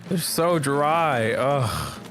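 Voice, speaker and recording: A man's voice: medium pitch, big pitch swings, drawn-out words, a bit bright. A man streaming a game and chatting casually, rambling and throwing in playful exclamations. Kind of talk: casual gameplay commentary. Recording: music playing behind.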